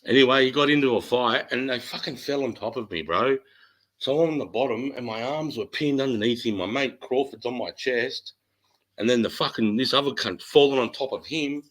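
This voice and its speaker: An Australian man in his forties, telling a war story in a casual chat, animated and swearing a lot. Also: medium pitch, fairly quick, low-quality recording. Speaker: host.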